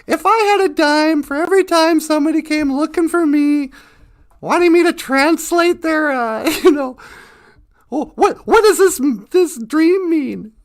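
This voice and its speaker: A loud, grumbling old eagle spirit, acted by a woman storyteller. He sounds worn out by everyone asking him for help and pokes fun at himself. The voice sits high and carries some push. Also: a little slow. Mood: exasperated. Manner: exasperated, self-mocking. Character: gruff old male eagle spirit messenger.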